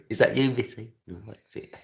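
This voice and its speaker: A man's voice: medium pitch, vocal fry, slight background noise. A middle-aged man, chatting casually and laughing often as a livestreamer reads and answers his chat. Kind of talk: casual live stream chat.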